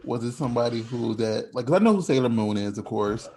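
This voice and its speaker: A man hosting a casual podcast, talking in a rambling, halting way. He often stops and restarts his sentences. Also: medium pitch, a little mellow. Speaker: podcast host.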